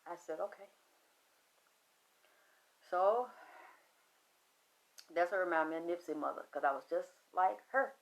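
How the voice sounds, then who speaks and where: A woman's voice: lowish voice, unhurried, pauses often, low-quality recording. Give me a middle-aged woman giving raw personal testimony, whispering at times and crying out at others. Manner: swings from hushed whispers to anguished near-shouting. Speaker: storyteller.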